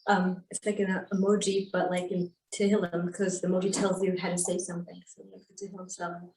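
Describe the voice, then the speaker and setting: A woman in a class cuts in over a video call with quick, offhand comments. She talks fast in a low, flat voice. She sounds far from the mic, in an echoey room. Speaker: student in the class. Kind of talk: class participant chiming in.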